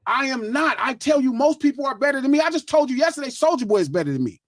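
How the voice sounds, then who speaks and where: A high-pitched man in his middle years, arguing his case with a lively, swooping voice and plenty of swearing. The sound is dry and close, with no room around it. He presses his point again and again in a heated podcast talk. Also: quick pace, no room sound. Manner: emphatic, profane, insistent. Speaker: podcast host. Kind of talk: heated casual debate.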